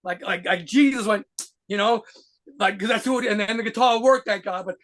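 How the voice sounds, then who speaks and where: A man telling rapid, profanity-laced stories as a guitarist being interviewed. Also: high-pitched, fairly bright tone. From United States. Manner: rapid profane anecdotes with laughs. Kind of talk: fast storytelling interview.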